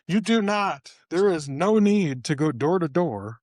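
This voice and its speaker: A middle-aged man, co-hosting a podcast in a casual, profane rant. His voice sits a little high for a man, and his pitch jumps suddenly when he gets worked up. The studio sound is close and dry. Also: expressive, unhurried, darkish tone, no echo. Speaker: podcast co-host. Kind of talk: casual ranting chat.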